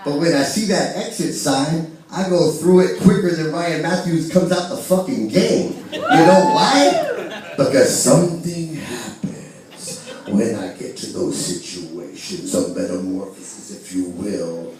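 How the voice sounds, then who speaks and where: Brash profane man doing stand-up, unhurried and swooping in pitch, echoey club stage, off-mic, crowd noise. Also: big pitch swings, a little mellow, distant mic. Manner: brash, profane, laughing at his own jokes. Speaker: stand-up comedian. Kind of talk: stand-up routine.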